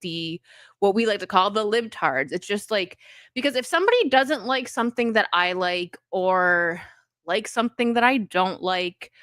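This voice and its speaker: A woman's voice: medium pitch, animated, normal speed, fairly bright tone, no room sound. An American woman live-streaming in casual chat, reading viewer donations aloud, rambling with many fillers and restarts and laughing often. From United States.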